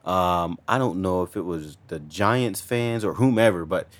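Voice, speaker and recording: A man's voice: deep voice, a little slow. A man co-hosting a casual chat show, loose and joking, often repeating his words. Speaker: co-host.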